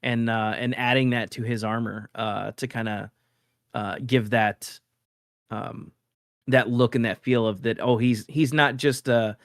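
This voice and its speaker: A man speaking as a guest artist in a casual interview, relaxed and hesitant, with many fillers. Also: medium pitch, unhurried, dry recording, studio quality.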